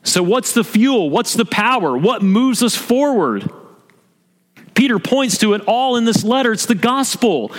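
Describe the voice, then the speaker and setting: A man's voice: extremely high pitch, big pitch swings, unhurried. A man preaching a sermon to his congregation as pastor, earnest, asking rhetorical questions and repeating his key points. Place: church sanctuary. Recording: long reverb of a church hall.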